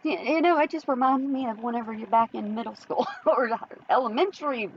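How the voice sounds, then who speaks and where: A woman's voice: fairly high pitch, brisk, highs cut off, slight background noise. A woman hosting an opinion commentary vlog, chatty and teasing, often laughing. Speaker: host.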